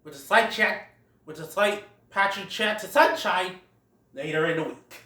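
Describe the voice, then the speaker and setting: A reviewer voicing a fast-talking cartoon hustler with salesman patter, recorded in a roomy space away from the mic. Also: medium pitch, sharp tone, voice pushed down, natural voice. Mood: hustling. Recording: roomy sound, far from the mic.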